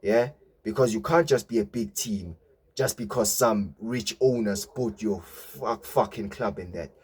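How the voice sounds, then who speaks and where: A man's voice: fairly low pitch, measured pace, a little mellow, slightly rough. A young man, a football fan vlogger giving a mocking, swearing rant and tagging his lines with "yeah?". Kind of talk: ranting fan reaction.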